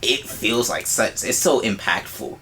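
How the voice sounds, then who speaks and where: A man's voice: fairly low pitch, expressive, unhurried, bright, forceful tone, slight background noise. A young man co-hosting a podcast, chatting casually in a laid-back way, trailing off and restarting as he hunts for words. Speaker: podcast co-host. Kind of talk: casual chat.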